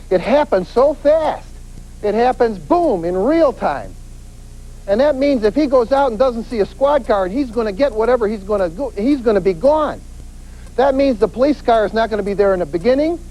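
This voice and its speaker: A man, a police detective, giving a lively lecture on avoiding crime, acting out quoted voices and hammering points with repetition. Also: sits high, rough recording. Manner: animated, acts out quoted voices, emphatic repetition.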